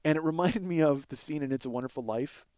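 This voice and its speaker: A man in his forties with a fairly high voice hosts his own show and tells a long comic story. He rants, swears freely and mocks himself. The recording is dry and close. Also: quick pace, dark tone, smooth, no echo. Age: 40s. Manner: profane, self-mocking, ranting. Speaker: podcast host. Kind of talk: comedic storytelling monologue.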